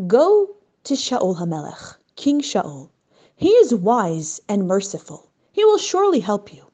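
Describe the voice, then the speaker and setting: A sympathetic chief judge offers solemn comfort at a slow pace, as a woman reading a storybook puts him on. His tone is steady and kind. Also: medium pitch. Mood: reassuring.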